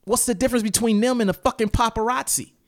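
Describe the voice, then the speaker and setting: A man's voice: very high voice, fast, no echo, clean studio sound. A man hosting a casual talk, telling heated stories with lots of swearing and sudden outbursts. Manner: profane, animated storytelling with heated outbursts. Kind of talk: casual ranting chat.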